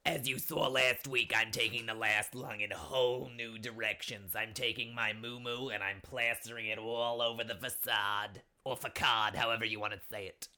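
A man's voice: mid-range voice, fairly even intonation, moderate pace, hardly any pauses, sharp tone. A man voicing a brash older woman who gives advice and nags about her unmarried daughter, gossipy and full of "seriously". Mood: gushing. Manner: brash and gossipy, keeps saying "seriously", calls listeners "my dears". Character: brassy older woman advice-giver, doting nagging mother. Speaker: advice segment host. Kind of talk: comedy character monologue.

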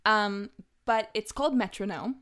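A woman's voice: medium pitch, moderate pace, fairly bright tone. A young woman talking casually as a podcast guest. She is easygoing and a little thoughtful as she considers her answers. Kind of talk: casual interview chat.

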